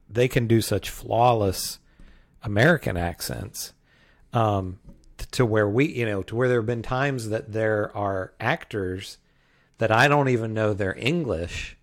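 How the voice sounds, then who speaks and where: A man's voice: on the low side, measured pace. A man co-hosting a podcast, reviewing a film in casual chat, rambling and hesitant. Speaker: podcast co-host.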